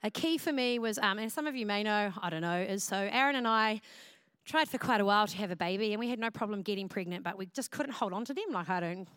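A woman pastor, preaching loudly and expressively, acting out the things she tells herself. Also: medium pitch, quick pace, clear, resonant tone, no room sound, clean studio sound. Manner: loud, expressive preaching with acted self-talk. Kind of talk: sermon.

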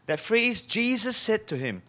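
A man's voice: high-pitched, sing-song, measured pace, pushed and bright. A man preaching a sermon in a conversational way, asking his listeners questions and acting out quoted lines. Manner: acts out quoted speech in shifting voices.

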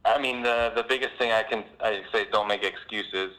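Male interviewee, low voice with a bright edge, halting and filler-heavy. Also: fairly even intonation, low-quality recording. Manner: halting, lots of ums and restarts. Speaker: podcast guest, long-distance hiker. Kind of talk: interview answers.

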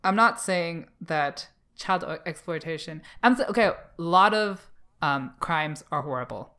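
A woman's voice: on the low side, expressive, unhurried, bright, forceful tone, smooth. A young woman co-hosting a podcast, debating in a blunt, sarcastic, loose way. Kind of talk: casual debate chat.

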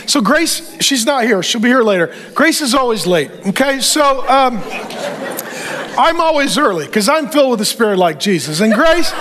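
Middle-aged pastor, very high voice, animated and comic sermon delivery. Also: male voice. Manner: animated, joking, acts out quotes. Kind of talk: humorous sermon.

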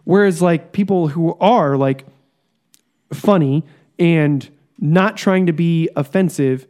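A man co-hosting a casual podcast chat, ranting in a profane, animated way. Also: fairly high pitch, takes it slowly. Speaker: podcast co-host.

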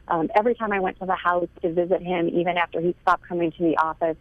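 A woman's voice: fairly low pitch, no room sound. Earnest woman on a tinny phone line. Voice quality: frequent light laughter. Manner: earnest, heartfelt storytelling. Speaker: author and interview guest. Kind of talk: phone interview.

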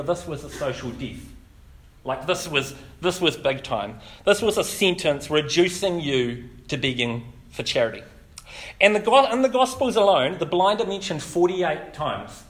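A man giving a relaxed, chatty sermon as pastor, with frequent ums and likes. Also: sits high, moderate pace. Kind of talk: casual sermon.

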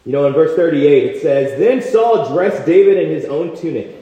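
A young man preaching a passionate sermon at a campus retreat, telling a personal story with lively quoted voices. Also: a little high, moderate pace. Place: large hall at a retreat. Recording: echoey hall, dull sound.

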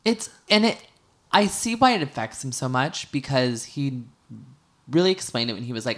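A woman with an unusually deep, low voice talks through a reality show in a casual podcast chat. She stumbles and restarts often and acts out what people said. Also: a bit bright. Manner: chatty, acts out quotes, frequent restarts. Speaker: podcast co-host.

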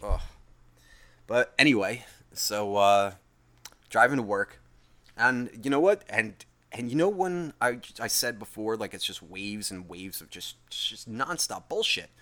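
A man's voice: fairly low pitch, lively intonation, measured pace, sharp tone. A young man ranting in a profane, rambling, self-mocking monologue, tired after a long day. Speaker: podcast host.

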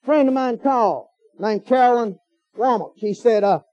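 A man's voice: very high-pitched, moderate pace, dark tone, no echo. A man preaching a sermon in a folksy, emphatic way, firing off rhetorical questions. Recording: dull lo-fi sermon recording.

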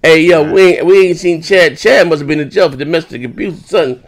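A man's voice: a little high, fast. A man streaming live, telling rambling, profane stories to his subscribers in casual banter. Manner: profane, rambling storytelling with many fillers.

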